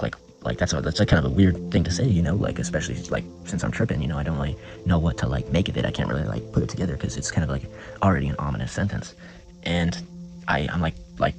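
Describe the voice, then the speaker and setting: A man's voice: rumbling low, lively intonation, fast, vocal fry, darkish tone, poor audio. A young man vlogging a casual story in a rambling, slangy way, swearing often and using lots of filler words. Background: background music.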